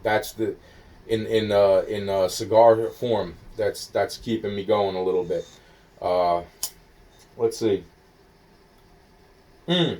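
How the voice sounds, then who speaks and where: Rambling man, halting and foggy. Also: lowish voice, fairly even intonation, a little mellow, far from the mic. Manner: halting, filler-heavy, scattered; swears, spells things out slowly. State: foggy, hungry. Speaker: caller. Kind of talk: rambling phone call.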